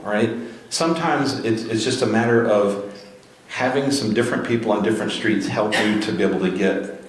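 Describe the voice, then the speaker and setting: A man giving a motivational talk to a live audience, urging them on with repeated rallying questions. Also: fairly low pitch. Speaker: speaker at a grassroots political gathering. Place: event room with a crowd. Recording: very echoey room, faint noise.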